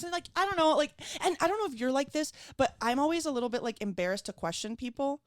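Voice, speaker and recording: A woman from Venezuela, a podcast guest, telling a funny story in a lively voice, acting out every quote. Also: high voice, fairly quick, no room sound, clean studio sound. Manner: animated, acts out quotes with swearing and laughs. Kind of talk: casual comedic storytelling.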